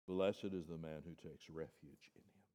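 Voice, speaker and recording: A male pastor preaching a sermon, swinging from soft, low passages to loud, high-pitched emphasis and calling listeners "my friend.". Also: steady tone, moderate pace. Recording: long hall reverb.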